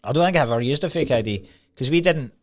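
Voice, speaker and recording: A Scottish man co-hosting a podcast, telling stories in a casual, rambling way with halting restarts. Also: medium pitch, lively intonation. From Scotland. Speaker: podcast co-host. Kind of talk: casual chat.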